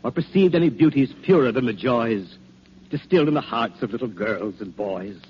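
An actor playing a patient, persuasive old Santa Claus, speaking calm, coaxing rhyming verse in 1940s radio acting. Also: male voice, medium pitch, moderate pace, natural voice. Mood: wistful. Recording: dull, faintly hissy old radio recording.

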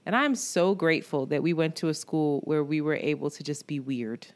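A woman co-hosting a podcast, chatting casually with plenty of swearing. Her voice sits a little low and sounds smooth and clear. She speaks frankly and loosely, like a friend talking. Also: normal speed. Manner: candid and profane, with frequent laughs. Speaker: podcast co-host.

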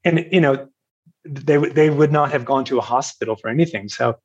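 A man's voice: mid-range voice, a little fast, husky, dull audio. An older man from Virginia, a podcast guest telling a story in a rambling, self-deprecating way, with restarts and chuckles. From Virginia, USA. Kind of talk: storytelling in an interview.

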